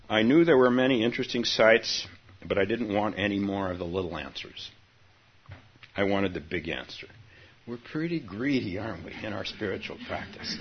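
Husky low-voiced man giving a dharma talk. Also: sing-song, slow, long pauses. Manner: hesitant, many ums and uhs, chuckling asides. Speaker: Zen teacher. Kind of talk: dharma talk with a read-aloud story. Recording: dull lo-fi recording.

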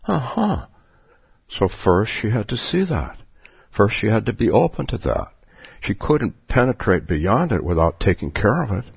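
A man's voice: lowish voice, very animated, unhurried, creaky, breathy edge, dry recording. A man giving a dharma talk as a Zen meditation teacher at a retreat, playful, chuckling often and repeating his questions. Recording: dull lo-fi recording.

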